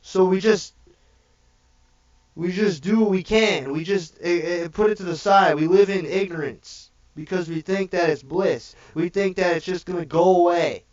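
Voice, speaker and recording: A man giving a preachy, profane livestream rant, repeating "okay?" after each point. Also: fairly high pitch. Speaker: livestream host. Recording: dull distant mic.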